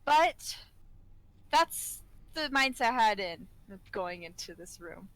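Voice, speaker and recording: A woman's voice: medium pitch, very animated, slow pace, a bit bright, low-quality recording. A woman co-hosting a casual podcast, telling a work story and laughing often as she talks. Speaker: podcast co-host, care worker.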